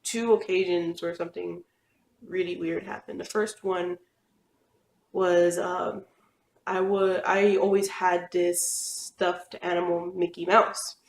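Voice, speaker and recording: A woman's voice: fairly low pitch, level tone, takes it slowly. A young woman telling personal stories in a rambling, chatty way, with lots of fillers. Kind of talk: casual storytelling. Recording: echoey room.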